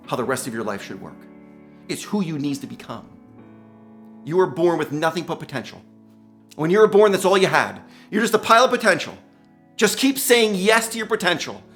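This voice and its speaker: A man's voice: fairly high pitch, a bit bright. A gray-haired man giving an upbeat, enthusiastic motivational commencement speech, laughing often. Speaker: commencement speaker. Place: large ceremony hall.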